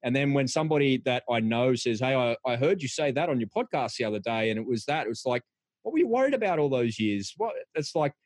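A man's voice: medium pitch, animated, fast, dry recording. Man, middle-aged, chatty, encouraging, dry studio. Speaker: podcast host. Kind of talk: casual podcast chat.

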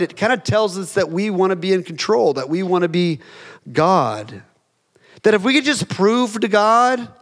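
A man preaching a sermon as a pastor in a conversational way, acting out little quoted voices to make his points. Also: fairly high pitch.

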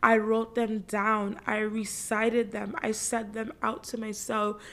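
Woman from the Caribbean, podcast host, faith encouragement talk, a bit high, fervent and chatty, repeats lines for weight. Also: flat delivery, slow, fairly bright tone. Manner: fervent, conversational, repeats phrases for emphasis.

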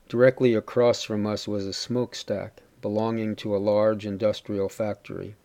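A man giving a steady, measured first-person story reading. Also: lowish voice. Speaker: reader.

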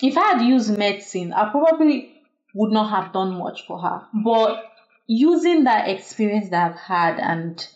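A woman's voice: medium pitch, animated, a little slow. A young woman, a doctor, telling a personal story in an earnest, reflective way, with many fillers. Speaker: guest. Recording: echoey room, dull lo-fi sound.

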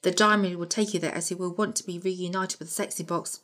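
A woman's voice: fairly low pitch, steady tone, fast talker, a bit bright. A woman reading a solemn goat-bound scientist.

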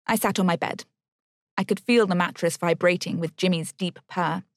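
A woman's voice: on the low side, steady tone, normal speed, dry recording, studio quality. A woman narrating a first-person novel in a wry, bitter tone.

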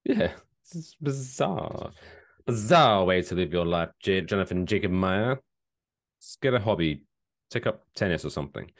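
A man with a low voice co-hosts a casual podcast and reads out odd news items. He talks in a jokey, animated way, jumping up high for emphasis. His delivery is loose and conversational. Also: moderate pace. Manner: lively, jokey, reads news out loud with big pitch swings. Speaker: podcast co-host. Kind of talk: casual chat.

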